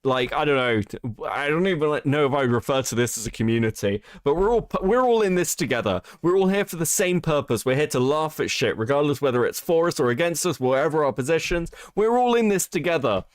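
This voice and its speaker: A man giving casual, profane live-stream commentary on chat, animated and laughing often. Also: a little high, fairly quick, few pauses, smooth, no room sound, clean studio sound.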